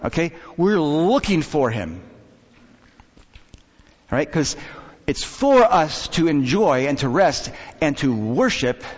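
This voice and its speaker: A male pastor delivers a conversational sermon, his pitch rising and falling animatedly as he tells stories and jokes. His voice carries a long reverb from the church hall. The recording sounds a little dull and muffled. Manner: lively, joking, storytelling with acted quotes. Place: church sanctuary.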